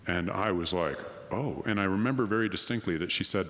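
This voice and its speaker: A middle-aged man giving a personal testimony at a conference, an animated storyteller who acts out the dialogue. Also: low voice, moderate pace. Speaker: conference speaker. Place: conference hall. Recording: long hall reverb.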